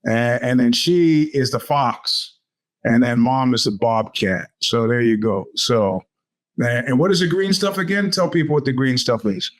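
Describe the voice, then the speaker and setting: A man's voice: mid-range voice, a little slow. A middle-aged man, hosting a podcast and telling stories in a rambling, casual way, full of restarts. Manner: rambling storyteller with many restarts and fillers. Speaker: podcast host. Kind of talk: casual monologue.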